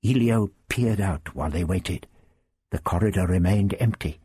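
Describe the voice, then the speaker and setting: A man reading an audiobook novel in measured narration. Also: low-pitched, dark tone, breathy edge, no room sound, clean studio sound.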